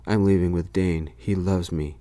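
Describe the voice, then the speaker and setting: A man's voice: low voice, steady tone, moderate pace, dark tone, dry recording, natural voice. A man doing a drunk, clingy ex-boyfriend. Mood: pushy. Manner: slurring, pushy, belittling. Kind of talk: whispered role-play.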